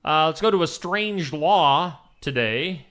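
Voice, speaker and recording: A man's voice: fairly high pitch, lively intonation, slow, fairly bright tone. A male morning show host reading odd news stories casually, tossing in wisecracks. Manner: playful, wisecracking, ad-libs comments on the stories. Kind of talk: casual live news read with jokey asides.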